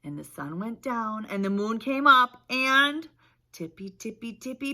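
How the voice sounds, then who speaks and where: Woman, preschool teacher, storybook read-aloud, bright tone, animated, gasps and questions. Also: mid-range voice, slow pace. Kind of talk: reading a picture book aloud to children.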